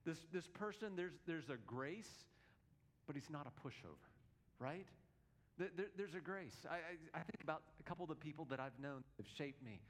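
A male pastor preaches earnestly and emphatically, his voice a little high for a man. With lively intonation and a moderate pace, he often repeats words to drive his points home.

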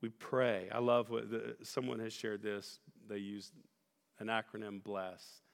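A man preaching a sermon as pastor, earnest and building to loud, emphatic peaks. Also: lowish voice, little pitch movement, unhurried, creaky, smooth. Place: church sanctuary. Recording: church hall reverb with soft music.

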